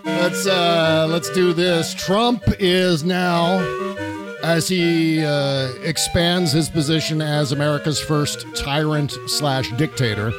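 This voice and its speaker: A man's voice: on the high side, steady tone, slow pace, music in the background. A man hosting a political talk show, chatting animatedly and laughing often. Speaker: podcast host.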